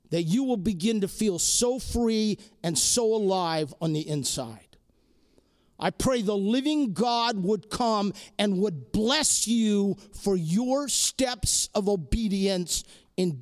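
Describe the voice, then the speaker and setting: Male preacher, high voice, slow deliberate exhortation, earnest sermon delivery. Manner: earnest, exhorting, repeats key phrases. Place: crowded hall or chapel.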